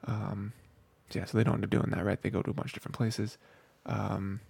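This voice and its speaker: A man with a deep, gravelly voice and a husky edge talks through a show in a relaxed, rambling way. He fills pauses with ums and you-knows and slips into quick quoted lines. It sounds like easygoing podcast chat. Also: no room sound. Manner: rambling, lots of fillers, quoting characters in quick asides. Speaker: podcast co-host. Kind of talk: casual anime review chat.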